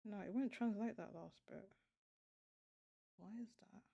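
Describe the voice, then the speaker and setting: A woman hosting a casual livestream chat, thinking aloud with halting restarts as she works something out. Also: medium pitch, creaky, dark tone, highs cut off. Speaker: show host.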